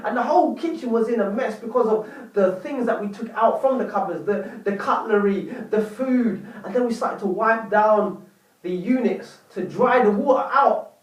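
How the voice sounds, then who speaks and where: A young man vlogging, telling a story to his viewers in a dramatic, animated way. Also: sits high, moderate pace, reverberant, recorded from a distance, low-quality recording. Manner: animated, dramatic retelling with repeated "lo and behold". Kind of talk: casual storytelling to camera.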